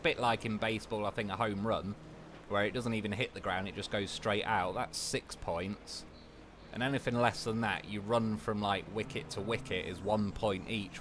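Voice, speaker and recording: A young man with a fairly low voice, talking casually and loosely during a game stream. He drifts from story to story, cursing freely and laughing along. A faint hum of vehicle sounds sits behind him. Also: fairly bright tone. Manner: sweary, rambling, laughs through anecdotes. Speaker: livestreamer. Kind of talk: casual chat while gaming.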